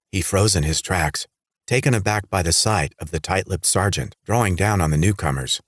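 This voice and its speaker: A man reading a horror audiobook in steady scripted narration. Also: sits low, normal speed, no echo, studio quality.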